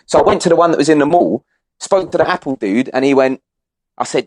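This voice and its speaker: A man's voice: on the high side, fast, no echo. A young man from England, co-hosting a podcast, telling stories with lots of slang and swearing. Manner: animated storyteller, heavy slang and swearing. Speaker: podcast co-host. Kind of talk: casual chat.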